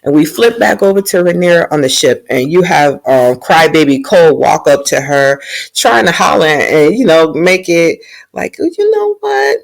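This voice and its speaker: A woman's voice: deep voice, lively intonation, normal speed, gravelly. A woman casually recapping a TV episode in a slangy, joking way with plenty of swearing. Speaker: TV show recapper.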